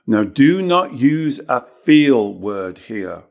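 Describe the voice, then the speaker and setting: A man's voice: sing-song, takes it slowly, vocal fry, few pauses. A man working as a life coach, explaining ideas emphatically in a podcast conversation and repeating key phrases to drive them home. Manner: emphatic, acts out clients' excuses in a higher voice. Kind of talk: teaching talk in a podcast conversation.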